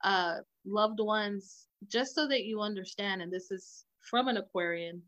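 A woman's voice: mid-range voice, measured pace, a bit bright, no echo. A woman co-hosting a casual podcast, speaking in a reflective, earnest way. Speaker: podcast co-host.

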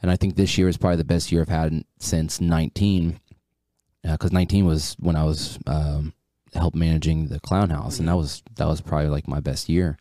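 A man who is a guest on a podcast, talking in a laid-back, halting way that often trails off. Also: rumbling low, level tone, dark tone, no room sound, studio quality. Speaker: guest, horror writer and haunt actor. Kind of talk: casual podcast chat.

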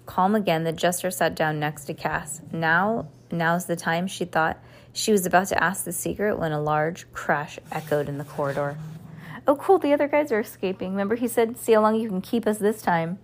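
A woman reads a novel aloud, as a teacher would to her class. Her narration is expressive and unhurried, and she slips into voices for the characters. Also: fairly low pitch, a little hiss or hum.

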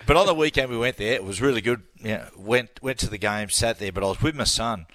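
A middle-aged Australian man co-hosting casual sports radio, telling animated stories and acting out the people he quotes. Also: fairly low pitch, quick pace, dry recording. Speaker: radio co-host.

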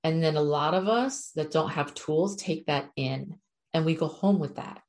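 A middle-aged woman with a notably low, deep voice talks straight to her viewers. She is chatty and frank, drops the odd swear word, and sounds like an animal communicator sharing spiritual advice. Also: normal speed, darkish tone. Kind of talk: casual spiritual talk to viewers.

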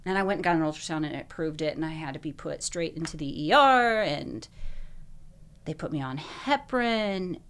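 A woman guest telling a personal story in conversation, animated and full of "like", acting out what people said. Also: sits low, moderate pace, clean tone. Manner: animated retelling, acts out quoted speech, frequent "like".

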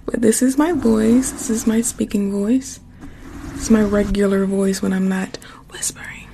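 A young woman with a slightly hoarse voice, chatting softly and affectionately to her stream viewers. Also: mid-range voice, fairly even intonation, normal speed, slight background noise. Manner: warm, affectionate, chatty with fillers. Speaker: ASMR streamer. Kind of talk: casual soft-spoken chat to viewers.

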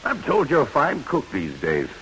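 A sneering pompous villain. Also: male voice, medium pitch, wildly swooping pitch, normal speed, fairly bright tone, slight background noise, low-quality recording. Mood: mock-courtly. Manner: pompous, mock-courtly and sneering. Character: mocking villainous raider leader, man, pompous and cruel. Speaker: radio drama actor. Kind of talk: 1940s radio acting.

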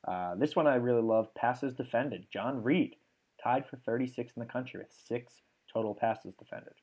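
Young male podcast host, casual and eager, reads stats in a quick rattle. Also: mid-range voice, a little mellow, breathy edge. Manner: enthusiastic, rattles off stats with fillers. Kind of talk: casual sports podcast chat.

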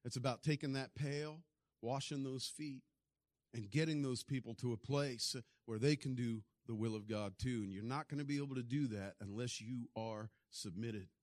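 A man preaching a sermon, telling stories and acting out the people in them, often swinging from quiet to loud. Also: mid-range voice, moderate pace, no room sound, studio quality. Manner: storytelling, acts out voices with big swings in loudness.

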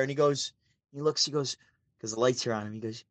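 A man from Syracuse, New York tells a story casually and with energy, jumping into the voices of the people he quotes. His voice sits somewhat high for a man. The recording is dry and close, with no room sound. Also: fast, a little mellow, no echo. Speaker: podcast guest, DJ and show host. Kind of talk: casual storytelling over a call.

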